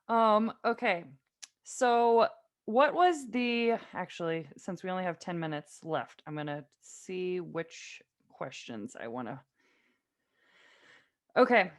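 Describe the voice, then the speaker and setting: A woman hosting a podcast interview, friendly and quick to laugh, asking long questions in a casual way. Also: lowish voice, animated. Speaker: podcast host.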